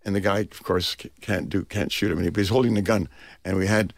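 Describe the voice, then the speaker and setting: An older man, a film director, is a radio guest telling rambling, animated stories full of restarts, into a close studio mic. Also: low-pitched, fast, vocal fry, no echo. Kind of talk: anecdotal storytelling interview.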